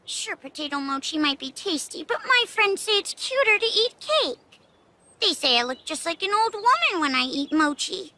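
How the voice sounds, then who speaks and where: A little anime girl: very high, bright, bubbly and bouncy. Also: big pitch swings, moderate pace, no room sound, exaggerated voice. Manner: bubbly, childlike. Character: cheerful little village girl. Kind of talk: anime English dub.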